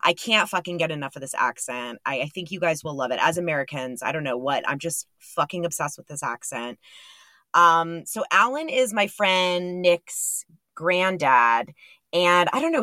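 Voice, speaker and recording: Low-voiced young woman, rambling and candid. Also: pushed and bright, no echo. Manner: rambling, candid, profane, self-deprecating. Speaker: podcast host. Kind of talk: casual monologue and interview.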